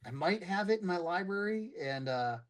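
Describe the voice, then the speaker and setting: A man's voice: high-pitched, moderate pace. A man chatting as a guest actor, rambling with many restarts and acting out quotes in voices. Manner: lively, acts out quotes in voices. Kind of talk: casual chat.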